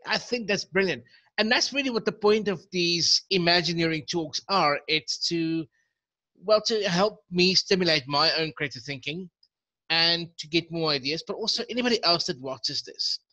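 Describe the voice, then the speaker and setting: A man's voice: a little high, pushed and bright. A man hosting an interview show, talking in an enthusiastic and reflective way. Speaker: host of the talk show. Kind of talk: casual interview talk.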